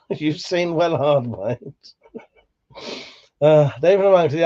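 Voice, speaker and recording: A man's voice: on the high side, muffled recording. Sweary Buckinghamshire man chatting on stream. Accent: Buckinghamshire English. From England. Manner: relaxed, sweary, laughs often. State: slightly worn voice. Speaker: livestream host reading chat. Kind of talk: casual chat.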